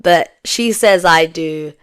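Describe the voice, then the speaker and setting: A woman's voice: lowish voice, slow, a bit bright, clear, resonant tone. A young woman reviewing a reality show in casual chat, acting out her own reactions as she goes.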